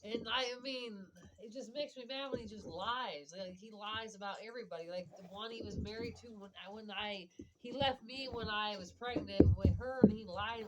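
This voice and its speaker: Casting: young woman, single mom, venting storytime, rambling with fillers, slightly high voice. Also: moderate pace. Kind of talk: casual storytime vlog. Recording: loud background noise.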